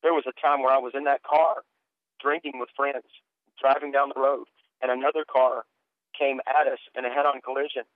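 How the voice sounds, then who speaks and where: Middle-aged preacher on a tinny phone line. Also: male voice, mid-range voice, flat delivery, brisk, no room sound. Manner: earnest, repeats words when starting sentences. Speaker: guest preacher. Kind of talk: personal testimony storytelling.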